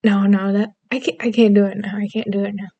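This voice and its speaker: A woman's voice: medium pitch, little pitch movement, fast, mellow, breathy edge, dry recording, dull audio. A young adult woman vlogging in rambling, goofy casual chat, self-deprecating and meandering between topics.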